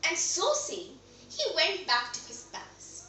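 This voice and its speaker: High bright woman telling a story. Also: unhurried. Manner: lively, acts out characters with loud exclamations. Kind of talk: storytelling narration. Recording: echoey room, voice a bit far from mic.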